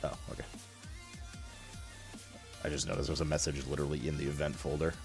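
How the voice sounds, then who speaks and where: A man's voice: rumbling low, flat delivery, fast, soft background music. A young man chatting casually with his stream viewers, rambling with lots of fillers and slang.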